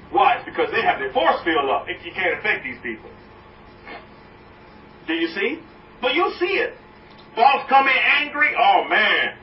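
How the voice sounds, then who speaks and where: A man preaching a sermon as a rabbi, animated, swinging high and low, now chanting, now laughing along with his point. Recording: echoey room, mic at a distance, dull sound, faint noise.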